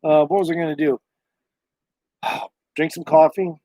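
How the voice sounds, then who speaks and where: Streamer type: higher-voiced man, casual and cussing, dry close-mic home recording. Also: fairly even intonation, a little slow, warm tone, no room sound. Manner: loose, profane, meandering talk. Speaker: livestreamer. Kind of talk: casual rambling livestream chat.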